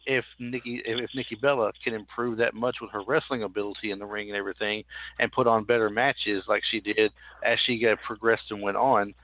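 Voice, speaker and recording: A man's voice: fairly low pitch, fairly even intonation, brisk, dry recording. A man hosting a casual recap chat, rambling and repeating himself as he talks things through. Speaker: podcast host. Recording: tinny phone-like audio with faint hiss.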